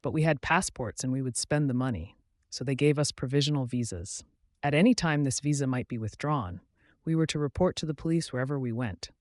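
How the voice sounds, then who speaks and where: A man reading a novel aloud in the first person, with measured, clear narration. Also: medium pitch, no room sound, clean studio sound. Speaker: audiobook narrator.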